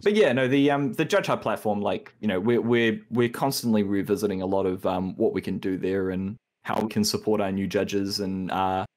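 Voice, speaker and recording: Rambling New man, low voice. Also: moderate pace, few pauses, a little mellow. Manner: rambling, laughs often. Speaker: guest, rules manager. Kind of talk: casual chat.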